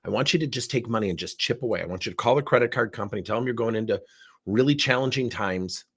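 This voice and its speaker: A man's voice: medium pitch, quick pace, breathy edge. A middle-aged man who trains coaches, telling a story in a session and acting out the dialogue with theatrics. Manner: animated, acts out dialogue with theatrics.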